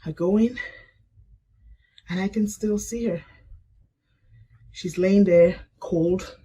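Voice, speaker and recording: A middle-aged woman telling her grief story in a halting, emotional way and reading an old message aloud. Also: medium pitch, husky, poor audio. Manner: halting, emotional, soft-spoken. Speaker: grief support vlogger.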